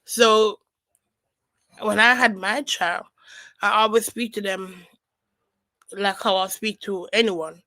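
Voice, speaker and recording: A woman hosts a casual reaction stream, commenting and reading viewer remarks. She talks slowly, with a gravelly, fry-laden voice. The sound is dry and close. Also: mid-range voice, fairly even intonation, sharp tone, no echo, poor audio. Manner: chatty, reads out viewer comments.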